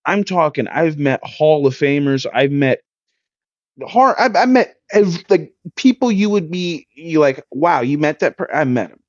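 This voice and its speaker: A young man in his twenties, co-hosting a podcast and telling a story in a loose, profane, animated way. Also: fairly high pitch, unhurried, no echo. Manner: animated, profane, swings his voice up when excited. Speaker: podcast co-host. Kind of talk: casual storytelling. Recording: dull, dry lo-fi sound.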